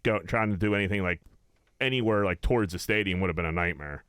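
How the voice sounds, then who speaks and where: A man's voice: low voice, fast talker, fairly bright tone, clear, resonant tone, dry recording. Young pittsburgh guy cussing his way through a story on a podcast, dry close sound. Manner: swears often, rambling storytelling. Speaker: podcast co-host. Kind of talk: casual chat.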